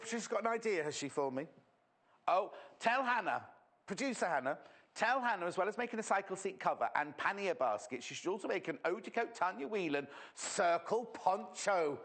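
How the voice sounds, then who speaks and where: A man with a high-sitting, fairly bright voice hosts a live sewing demo on a shopping channel from a TV studio. He's chatty and gossipy, teasing the crew as he goes.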